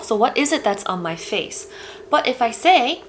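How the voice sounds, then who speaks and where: A woman's voice: a little high, sing-song, a little fast, slight background noise. A woman teaching a Korean lesson in a casual, chatty way, using fillers like "you know" and "like".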